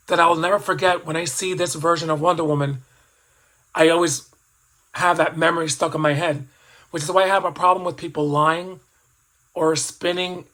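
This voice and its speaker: A man's voice: a little high, pushed and bright, poor audio. A man in his fifties telling a personal childhood story as a toy collector vlogger. He rambles and reflects, restarting sentences and adding asides as he goes.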